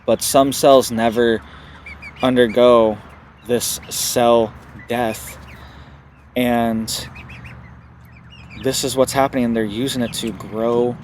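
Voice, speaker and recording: A man's voice: medium pitch, fairly even intonation, slow pace, long pauses, a little mellow, slight background noise. A man hosting a homesteading channel, talking urgently to camera and tagging lines with "right?", with chickens close by. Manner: urgent, repeats "right?" often. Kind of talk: casual direct-to-camera commentary. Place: home setup with chickens nearby. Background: chickens clucking.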